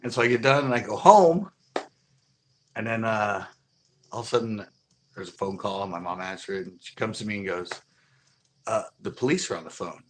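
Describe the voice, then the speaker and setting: Middle-aged guy rambling through a story on his fishing stream, lowish voice, lots of uh and like. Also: brisk, long pauses, a little hiss or hum. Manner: rambling, animated retelling with lots of fillers. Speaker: fishing channel host. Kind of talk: casual livestream storytelling.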